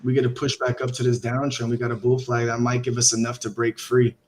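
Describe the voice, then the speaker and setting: A man hosting a live trading stream over online voice chat. He talks in a casual, slangy way and thinks out loud. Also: medium pitch, completely flat delivery, fast, a little hiss or hum. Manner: laid-back and slangy, thinks aloud. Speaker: livestream host and trader.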